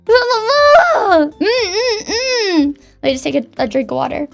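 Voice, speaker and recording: Young girl streamer, real high voice, keeps tripping over her words, soft music behind. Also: very animated, slow pace, vocal fry. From Canada. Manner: stammering, repeats words, heartfelt. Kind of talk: casual chat. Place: home desk.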